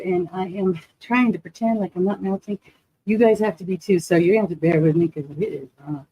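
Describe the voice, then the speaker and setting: A woman's voice: medium pitch, husky, highs cut off. A woman hosting a casual livestream, bubbly and chatty, greeting viewers by name and laughing often. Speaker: livestream host. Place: hot room at home.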